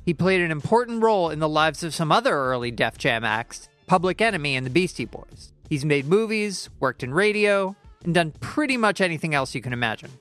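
A man hosting a podcast in a studio, reading a measured scripted introduction. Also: fairly high pitch, lively intonation, fairly bright tone, soft background music. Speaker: podcast host. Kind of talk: scripted intro, then interviewing. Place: recording studio.

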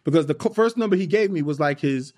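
A man in his fifties from Long Island, a guest in a studio, telling stories in an animated way. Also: fairly high pitch, quick pace. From Long Island, New York. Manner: animated storyteller, acts out other people's voices. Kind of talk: casual interview storytelling. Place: recording studio.

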